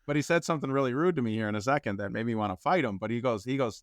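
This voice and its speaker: Male podcast guest, mid pitch, animated storyteller who acts out quotes, dry close mic. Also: racing, hardly any pauses, dry recording. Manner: acts out quotes, rises sharply in pitch when excited.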